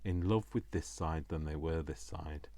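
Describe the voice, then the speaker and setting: A British crafting vlogger with a mellow bass voice speaks at a moderate pace. He narrates to himself as he crafts, chatty and self-mocking.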